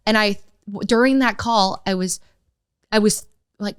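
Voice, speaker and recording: A woman's voice: medium pitch, a little slow, clear, resonant tone, no echo, clean studio sound. A young woman, a streamer, in casual podcast chat, telling stories animatedly with many fillers. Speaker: streamer guest.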